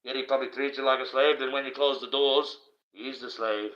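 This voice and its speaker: A man's voice: mid-range voice, steady tone, fairly quick, fairly bright tone. A man, hosting a livestream from indoors and preaching in a rambling, blunt and profane monologue. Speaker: livestream host. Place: indoors, wearing a mask. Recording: dull, lo-fi livestream audio.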